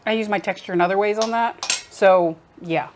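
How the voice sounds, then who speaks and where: A woman's voice: medium pitch, normal speed, background noise. A woman from the United States chatting casually over a home-cooked breakfast, laughing often and sometimes talking with her mouth full. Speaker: vlog co-host cooking for a friend. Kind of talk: casual chat over a meal. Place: home kitchen.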